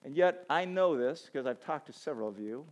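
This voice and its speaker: Animated, chatty man preaching. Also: on the high side, brisk, dull audio. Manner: conversational, animated, self-deprecating humor. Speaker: campus chapel speaker. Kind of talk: sermon. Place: college auditorium with a live audience.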